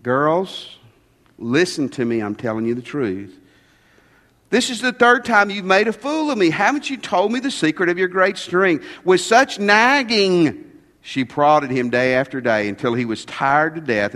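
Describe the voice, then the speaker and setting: A man's voice: a little high, very animated, normal speed, a bit bright, big-room sound. A man preaching a sermon as pastor, with folksy, joking asides.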